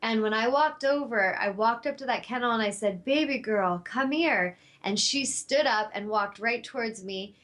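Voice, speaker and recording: A woman's voice: on the high side, moderate pace, few pauses, a bit bright. Heartfelt woman telling a spiritual story. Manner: heartfelt, spiritual, rambling with fillers. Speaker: talk show host. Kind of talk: personal storytelling monologue.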